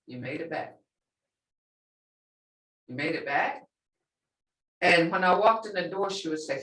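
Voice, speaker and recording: An older woman teaching a language class in a relaxed way, repeating phrases slowly for her learners. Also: lowish voice. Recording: echoey room, distant from mic.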